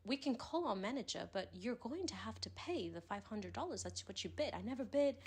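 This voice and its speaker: A woman's voice: expressive, measured pace, fairly bright tone, husky, exaggerated voice. A woman faking a prim English phone agent. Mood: insistent. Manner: high, overly polite, insistent.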